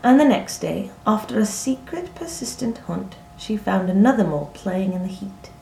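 A woman narrating a literary story aloud in a measured, expressive reading. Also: mid-range voice, vocal fry. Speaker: audiobook narrator. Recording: echoey room, faint noise.

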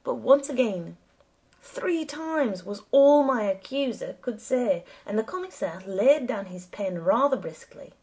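A woman narrating a story as an audiobook reader, with measured storytelling and lively quoted voices. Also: mid-range voice, creaky, slightly rough.

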